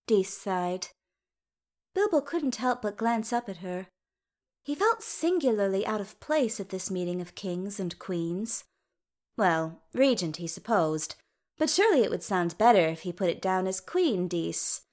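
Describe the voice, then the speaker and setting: A woman narrating a story in an unhurried, even manner. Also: medium pitch. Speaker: reader. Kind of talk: storybook reading.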